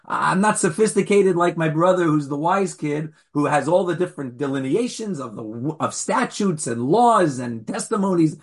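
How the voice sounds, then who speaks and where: A man's voice: on the high side, lively intonation, moderate pace, few pauses, slightly rough. A man voicing a plain-spoken simple boy who asks blunt, unsophisticated questions during a teaching story. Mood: puzzled.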